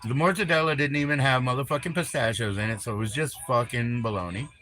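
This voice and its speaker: A man's voice: mid-range voice, fast talker, a bit bright. A man hosting a live stream, chatting in a crude, rambling, teasing way and swearing constantly. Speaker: livestream host.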